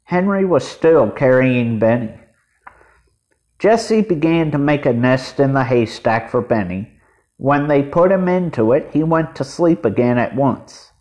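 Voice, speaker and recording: A man reading a children's storybook aloud as narrator, in a measured way. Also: mid-range voice, animated, darkish tone. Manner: measured, deliberate.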